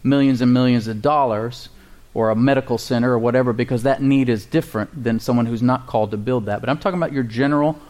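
A man preaching at a middle pitch, delivering a sermon with call-and-response. He slows down to read scripture aloud and asks his listeners questions. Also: steady tone, darkish tone. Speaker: pastor.

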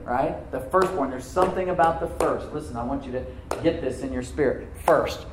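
A middle-aged male pastor preaching a sermon, often asking the congregation questions and swinging between loud emphasis and hushed asides. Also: medium pitch, brisk, hardly any pauses, slight background noise, rough recording.

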